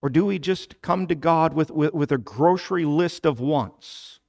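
Male pastor, sermon delivery; slow, measured, gravelly tone that swells to emphatic prayer. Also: a little high. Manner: preaching, rising to loud emphatic petitions; explains scripture slowly, then builds to loud emphatic petitions.

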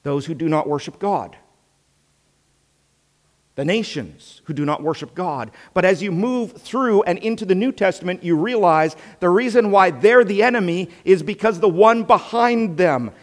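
A man preaching a sermon with earnest rhetorical questions, swinging between loud emphasis and hushed tones. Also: high voice, lively intonation, moderate pace, big-room sound.

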